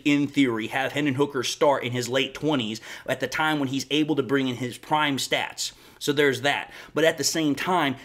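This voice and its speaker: A man talks through sports rumors on his own show, arguing each point bluntly and with heavy emphasis. His voice sits a little higher than most men's. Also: fairly bright tone. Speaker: sports commentary host. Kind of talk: opinionated solo sports commentary.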